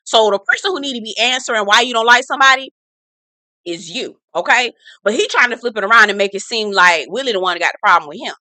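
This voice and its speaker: A woman's voice: fairly high pitch, lively intonation, fast talker, sharp tone, no echo. A woman hosting a casual reality TV recap, talking in a blunt, sassy, profane way.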